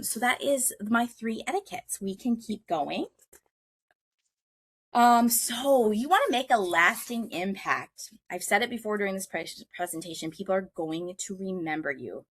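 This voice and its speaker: A woman, giving a casual career talk on a video call, chatty and animated, with many "um"s. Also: on the low side. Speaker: workshop presenter.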